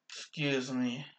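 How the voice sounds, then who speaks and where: A young man casually commentating his own gameplay, rambling slowly with restarts, bothered by hiccups and coughs. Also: mid-range voice, a little hiss or hum.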